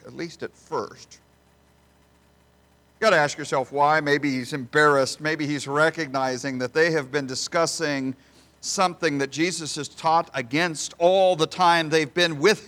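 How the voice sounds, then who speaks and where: Emphatic preaching man, slightly high voice. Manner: emphatic preaching with rhetorical questions; swings from soft asides to loud bursts. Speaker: pastor. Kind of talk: sermon.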